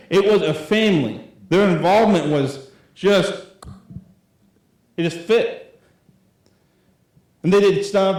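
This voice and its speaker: A youth pastor in his late twenties preaches a rambling, conversational sermon packed with fillers in a church hall. The room is very echoey, and his voice is on the high side with a darkish tone.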